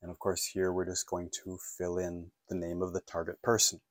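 A man's voice: low-pitched, completely flat delivery, fairly quick, no room sound, clean studio sound. A man teaching a phone-English lesson, encouraging and checking in often with "okay?" and "right?".

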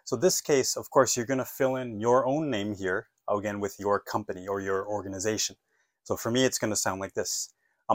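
A man teaching an English lesson, modeling phone phrases clearly and patiently asking listeners to repeat after him. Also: fairly low pitch, fairly even intonation, fairly quick, no room sound.

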